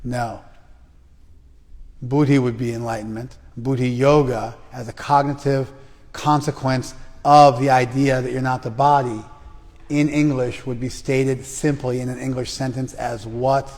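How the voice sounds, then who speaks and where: A man's voice: mid-range voice, steady tone, a little slow, a little mellow. A man teaching a scripture class, quizzing students by name and teasing them bluntly when they hesitate. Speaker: Bhagavad Gita teacher. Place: class in a reverberant room. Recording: long room reverb.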